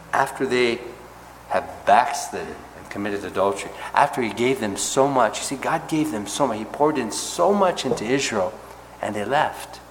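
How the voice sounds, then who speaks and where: A man preaching an expository sermon as a pastor. He talks conversationally, often checking in with "right?" and "okay?", and drops to soft, hushed tones on tender points. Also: medium pitch, expressive, moderate pace. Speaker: pastor teaching a Bible study. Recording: roomy hall reverb with faint background noise.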